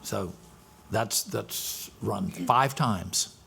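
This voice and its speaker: A man's voice: on the low side, extremely slow, vocal fry, pushed and bright, a little hiss or hum. A man advising a county council, explaining the ballot steps plainly at a work session. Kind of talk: meeting discussion.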